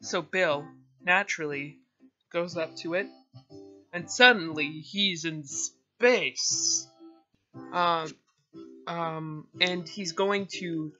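Rambling male vlogger with a bright, sharp voice and a slow, unhurried delivery, on a dull lo-fi recording. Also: on the high side. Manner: hesitant, rambling, self-deprecating, with many fillers and restarts. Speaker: video creator summarizing a book. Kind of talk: casual rambling summary.

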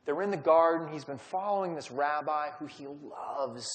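A man's voice: fairly high pitch, normal speed. A man leading a Bible study in a conversational teaching style, retelling stories and acting out quotes. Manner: storytelling, acts out quotes. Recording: long hall reverb.

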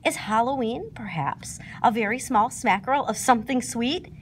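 A woman voicing a gentle, slow, honey-loving storybook bear who muses hopefully. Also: on the high side, a little hiss or hum, close to an everyday voice. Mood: musing. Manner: hopeful, musing.

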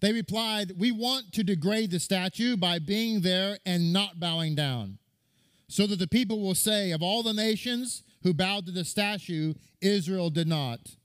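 A man's voice: high voice, a little slow, a bit bright. A man, a rabbi, giving a sermon that retells a midrash, reading and quoting scripture and repeating words for stress.

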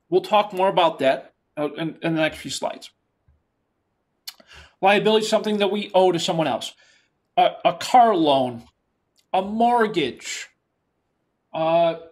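A lecturer with a New York accent giving a classroom lecture, repeating key terms in a plain, explanatory way. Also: medium pitch.

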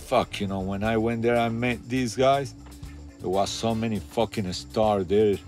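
A man with a Cuban accent recounts his past in a documentary interview, voice sitting low. He swears constantly and plays out the other people in his story. Soft music runs quietly behind him. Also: unhurried. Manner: profane, animated storyteller acting out quotes.

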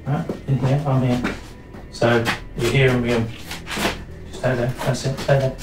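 An actor playing a guide in a haunted attraction who calmly coaxes a blindfolded guest through a room. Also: male voice, mid-range voice, normal speed, lightly acted. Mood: coaxing. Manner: calm, coaxing instructions. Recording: distant, echoey over loud music.

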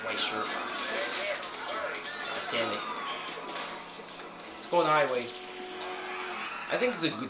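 A man's voice: medium pitch, expressive, slow, long pauses. A young man giving casual, profane gameplay commentary, swearing and rambling as he plays. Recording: echoey room with game music behind.

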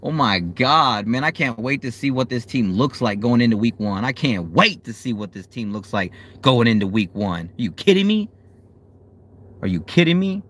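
A man hosting a fan livestream, chatting casually and cursing, swinging from low muttering to loud hype. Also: lively intonation, moderate pace, few pauses, husky. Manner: hyped, profane, swings from low mutter to yelling. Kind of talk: casual live stream chat. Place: outdoors.

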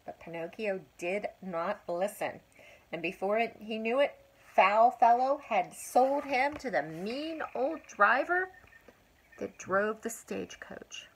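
Older woman reading a storybook slowly. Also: medium pitch, slightly rough, low-quality recording. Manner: slow, expressive, drawn-out emphasis. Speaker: grandmother reading aloud. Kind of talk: storybook read-aloud with asides to a child.

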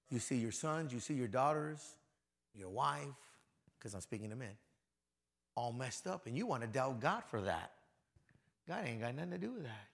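A man preaching a conversational sermon as pastor in a church hall, acting out quotes and swinging from quiet asides to loud declarations. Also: medium pitch, expressive, normal speed, creaky, long pauses.

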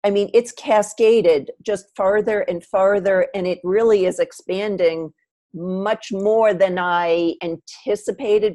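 A woman hosting a podcast interview, affirming her guest often and musing aloud. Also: mid-range voice. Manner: warmly affirming, with frequent "mm-hmm" and "absolutely". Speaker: podcast host.

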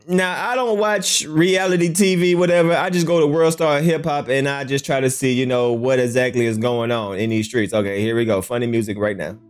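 A man in talks through a clip in a loose, joking reaction-video style. His pitch swings widely and he breaks into loud yelps and laughter. Faint music sits behind him. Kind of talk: casual reaction commentary.

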